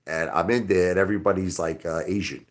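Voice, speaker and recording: A middle-aged man with a deep voice hosts a casual livestream. He rambles from one point to the next and answers his chat directly in a loose, conversational way. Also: fairly even intonation, quick pace. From Brooklyn, New York. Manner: rambling, talks straight to chat. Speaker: livestream host.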